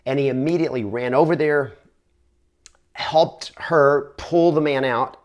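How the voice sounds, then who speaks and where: A man working as a real estate trainer, telling a motivational story to camera in an earnest, conversational way with quick restarts. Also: mid-range voice.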